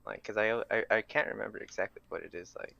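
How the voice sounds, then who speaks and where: A man hosts a casual podcast chat and asks long, rambling questions that he keeps restarting. His voice sits a little low. The sound is dry and close. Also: fairly even intonation, fast talker, vocal fry, pushed and bright, no echo, muffled recording. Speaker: podcast host.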